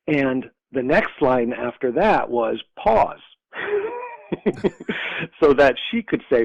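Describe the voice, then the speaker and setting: A man's voice: medium pitch, a little slow, gravelly, breathy edge, no echo. A man in his sixties from upstate New York, a podcast guest telling a personal story with laughs and acted-out dialogue. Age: 60s. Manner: animated storyteller, laughs often, acts out dialogue. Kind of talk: storytelling interview. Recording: dull lo-fi dry sound.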